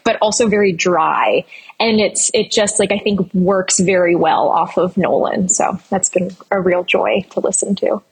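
A female voice actor chatting casually and warmly about her castmates, filling her speech with "like". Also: lowish voice, breathy edge. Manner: bubbly, says "like" often. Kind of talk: casual panel chat.

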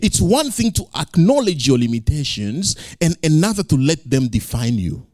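A man preaching from the pulpit in a high, lively voice that swings up and down. He keeps it animated, laughing along and acting out quotes. The sound is dry and close. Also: normal speed, no echo. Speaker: pastor. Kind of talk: sermon.

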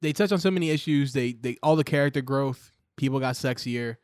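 Fast-talking excitable young man. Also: medium pitch, clear, resonant tone, no room sound, studio quality. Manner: excited, profane, rambling with many "like"s. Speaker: podcast co-host. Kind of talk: casual chat reviewing a show.

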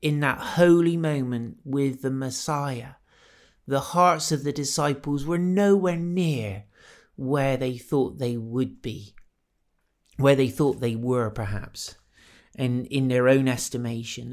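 A man's voice: medium pitch, slow pace, a little mellow. A man giving a reflective devotional talk on a Bible passage, retelling the scenes in the voices of the people in it. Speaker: preacher.

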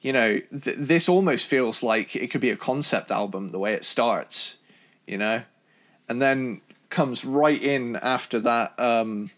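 British guy from cornwall, chatty and keen, talking albums with a friend. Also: unhurried. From Cornwall, England. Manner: enthusiastic, chatty, jumps in pitch when excited. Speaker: podcast co-host reviewing albums. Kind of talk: casual chat.

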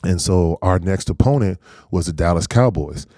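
A man in his forties from North Carolina, a former pro football player, recalls old games in an easygoing way. His voice is deep and the sound is close and dry. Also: normal speed, no room sound. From North Carolina, USA. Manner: easygoing, animated anecdotes with frequent laughs. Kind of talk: casual storytelling interview.

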